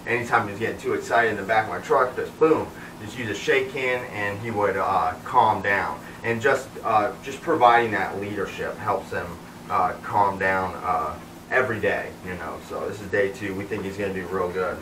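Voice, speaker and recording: A man training a dog outdoors talks through what he is doing, breaking off to give sharp commands. His voice is bright and forceful. He stands back from the microphone, so the sound is roomy. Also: fairly low pitch, moderate pace, recorded from a distance, slight background noise. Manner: commands the dog mid-sentence, many fillers. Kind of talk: explaining while training a dog.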